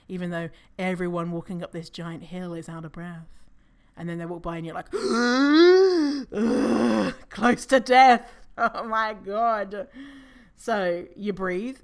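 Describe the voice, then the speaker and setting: A woman hosting a casual solo podcast, chatty and animated, laughing often and swearing casually. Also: fairly low pitch. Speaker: podcast host.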